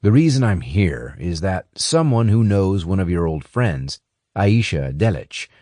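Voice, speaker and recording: A man voicing a calm, courteous male investigator who speaks in a polite, measured way in a storybook. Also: deep voice, no room sound, studio quality, exaggerated voice.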